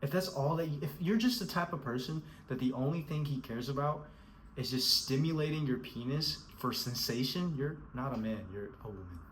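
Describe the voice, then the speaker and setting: A man's voice: mid-range voice, moderate pace, a bit bright, slight background noise, rough recording. A man giving a scolding, emphatic motivational rant, repeating himself and calling the listener bro. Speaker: motivational speaker.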